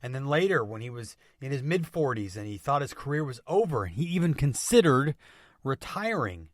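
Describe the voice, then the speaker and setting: A man hosting a motivational podcast, speaking with energetic emphasis and returning to catchphrases again and again. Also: mid-range voice, brisk, no echo, clean studio sound. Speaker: podcast host.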